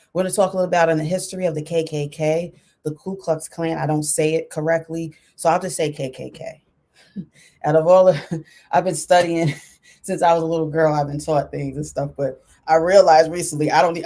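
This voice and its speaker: A woman's voice: low-pitched, warm tone. Lady on a livestream talking to her viewers, chatty, lots of ums and restarts. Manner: chatty, addresses viewers directly, frequent fillers. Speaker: livestream host. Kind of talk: casual livestream talk to viewers. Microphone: computer mic.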